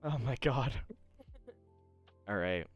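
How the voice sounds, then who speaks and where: A man narrating as game master of a tabletop game, chatty and quick to laugh. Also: medium pitch, animated, muffled recording, faint music behind. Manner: chatty, laughing, scene-setting.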